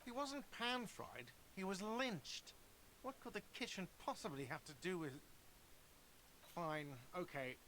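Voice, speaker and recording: A man's voice: high voice, very animated, unhurried, pushed and bright, a little hiss or hum, exaggerated voice, rough recording. A man voicing a curt, impatient cafeteria manager in a video game. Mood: snippy. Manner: impatient, dismissive.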